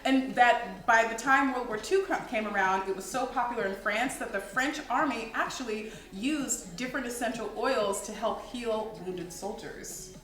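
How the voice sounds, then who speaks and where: A woman's voice: a little high, moderate pace, fairly bright tone. A woman hosting a kids' science livestream, explaining with upbeat enthusiasm. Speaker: host. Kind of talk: kids' educational livestream chat. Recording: echoey room.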